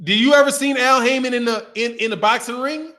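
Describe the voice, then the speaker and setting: High-pitched man, boxing commentator, animated trash-talking rant. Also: brisk. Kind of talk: casual rant to camera.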